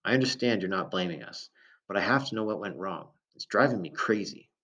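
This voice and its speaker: A man's voice: low voice, animated, a little fast, sharp tone. A man voicing a bitter, grieving father. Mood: pained. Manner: bitter, cracked, rising in anger. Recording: dull lo-fi recording.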